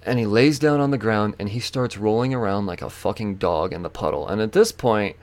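A man hosting a podcast, telling a story in a casual, profane, animated way. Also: on the low side, fairly quick. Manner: profane, animated, acts out quoted voices. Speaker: podcast host.

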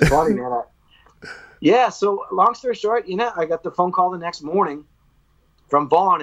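A man's voice: high voice, moderate pace. Candid man telling a story, lo-fi. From United States. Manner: candid, animated, swears freely; acts out quoted speech. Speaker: podcast guest, metal vocalist. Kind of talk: casual storytelling interview. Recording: dull lo-fi audio.

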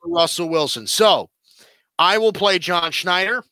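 A man's voice: high-pitched, unhurried, sharp tone, no room sound. A man co-hosting a sports podcast, talking casually and rambling with lots of fillers and restarts.

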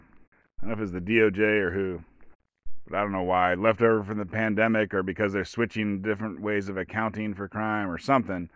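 A man's voice: on the low side, fairly even intonation, a little fast, fairly bright tone, clear, resonant tone, dry recording, studio quality. A man talking on his own show in casual commentary, rambling and sarcastic, full of restarts and fillers. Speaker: podcast host.

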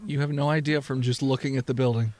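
A man acting as game master in a tabletop game, describing scenes playfully with pauses and fillers. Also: medium pitch, steady tone, darkish tone, no echo.

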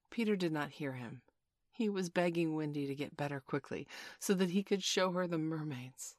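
A woman narrating a storybook aloud in a measured, gently expressive way. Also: low voice, no room sound, clean studio sound. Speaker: audiobook narrator.

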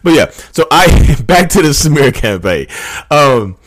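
This thirty-something YouTube host speaks slowly in a slightly high voice that swings widely in pitch, with clean studio audio and no room sound. He rambles in casual talk to the camera, frequently saying "y'all" to viewers, punctuated by passionate ranting.

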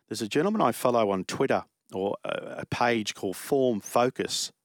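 Low-voiced racing radio host. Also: male voice, dry recording, studio quality. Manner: chatty, rambling, reads out odds and tweets.

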